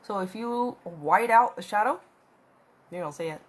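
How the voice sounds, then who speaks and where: A woman's voice: medium pitch, animated, normal speed. Chatty woman doing a makeup tutorial. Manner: rambling, chatty, talks while applying makeup. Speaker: makeup vlogger. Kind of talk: casual makeup tutorial chat. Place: at home with her cat. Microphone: phone camera.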